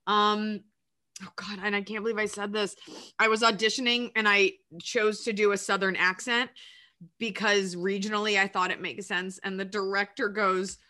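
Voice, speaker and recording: Woman actress guest, bright sharp voice, rambles a lot, keeps saying like. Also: medium pitch, flat delivery, moderate pace. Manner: rambling, self-deprecating, full of "like". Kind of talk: casual interview chat.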